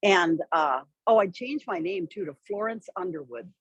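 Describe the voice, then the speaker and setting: A woman telling a story in conversation, lively and wry, acting out the people she quotes. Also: fairly low pitch, normal speed, husky, no room sound, rough recording. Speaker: interview guest.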